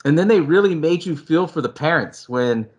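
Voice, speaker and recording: A man co-hosting a casual movie chat, animated and profane, sometimes acting out scenes with sudden loud shouts. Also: on the high side, moderate pace, highs cut off. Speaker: podcast co-host.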